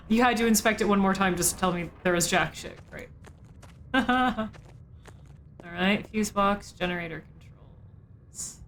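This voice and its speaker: A woman's voice: mid-range voice, unhurried, long pauses, fairly bright tone, a little hiss or hum. A woman streaming a game in casual commentary, chatty with frequent swearing and laughing asides. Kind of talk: casual let's play commentary.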